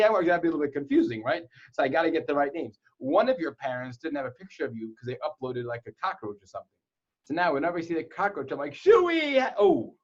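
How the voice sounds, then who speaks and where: A man teaching a casual online Torah class to boys, telling jokes and stories in a playful way. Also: fairly high pitch. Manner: playful joke-telling storyteller. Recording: dull lo-fi sound.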